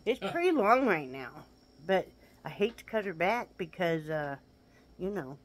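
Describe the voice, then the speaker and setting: A woman's voice: sing-song, measured pace. A woman hosting a casual home vlog, chatting to viewers and laughing often. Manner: coos in a high baby-talk voice to her pet. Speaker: vlog host. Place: home, living room.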